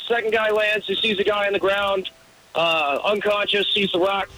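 A man's voice: sits high, fairly quick, pushed and bright, poor audio. A man calling in to a radio show, telling a long rambling joke. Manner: rambling storyteller. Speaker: caller.

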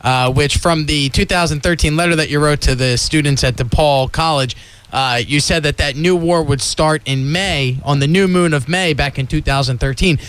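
A man's voice: on the high side, moderate pace, a bit bright, smooth. A man co-hosting a radio chat, asking questions with some hesitation.

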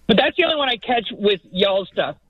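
A woman calling in to a radio show, chatty and animated about the overnight broadcasts. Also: medium pitch, brisk. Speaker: caller. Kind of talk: phone call-in. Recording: muffled phone line.

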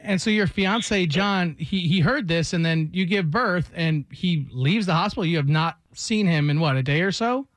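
A curious male co-host asks probing questions in a high voice for a man. The sound is dry and close, with no room around it. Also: normal speed, few pauses, a bit bright, dry recording. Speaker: radio co-host.

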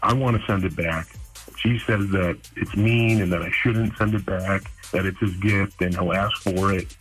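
A man's voice: fairly even intonation, normal speed, fairly bright tone, faint music behind, low-quality recording. A male caller with his voice altered for privacy, complaining and frustrated. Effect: pitch-shifted voice disguise.

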